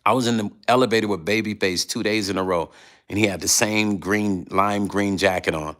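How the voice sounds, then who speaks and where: A middle-aged man chatting casually late at night on his vlog, telling animated stories and repeating himself for emphasis. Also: fairly low pitch, fairly quick. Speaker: vlog host reading viewer comments.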